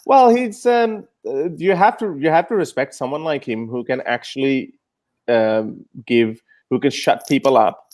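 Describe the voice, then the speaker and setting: A man in a casual panel discussion, telling stories in an animated way with many restarts and fillers. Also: mid-range voice, moderate pace.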